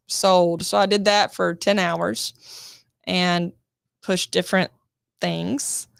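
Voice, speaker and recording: A woman, an actress and guest, telling show-business stories in a casual chat, animated and swearing, acting out quotes. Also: mid-range voice, a little slow, creaky, no room sound, studio quality. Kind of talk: casual storytelling interview.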